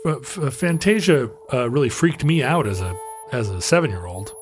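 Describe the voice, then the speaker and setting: A man's voice: mid-range voice, lively intonation, normal speed, soft background music. A man chatting casually, adding wry remarks with some hesitation. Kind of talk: casual podcast chat.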